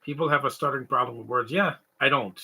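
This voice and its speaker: A young Canadian man co-hosts a live stream, rambling through casual comedy chat in a very bright, husky, medium-pitched voice. He talks fast, animated and digressive, and mimics stutters and sobbing noises.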